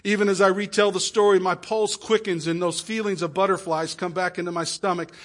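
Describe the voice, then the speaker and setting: A man with a high voice preaches through an emotional story told in the first person. His delivery swings between soft, pleading passages and loud exclamations. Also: steady tone, fairly quick. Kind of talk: sermon storytelling.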